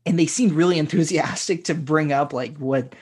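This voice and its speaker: Male co-host, husky tone, halting casual film chat full of fillers. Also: a little high, darkish tone. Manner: halting, many fillers and restarts. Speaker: podcast co-host.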